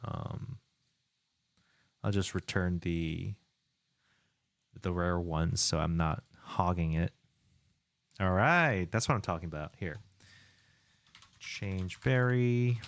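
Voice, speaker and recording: A man's voice: deep voice, vocal fry. A man streaming his indie game development, chatting casually, muttering to himself and reading viewer chat aloud while he works.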